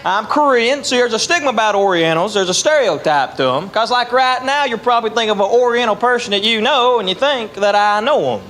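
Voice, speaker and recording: A man's voice: sits high, animated, fairly quick, few pauses, background noise. A man from Tennessee with a Southern accent doing stand-up, chatting with the crowd in a folksy drawl. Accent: Southern US, East Tennessee. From Tennessee, USA. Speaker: stand-up comedian. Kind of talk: stand-up routine. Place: comedy stage before a live audience.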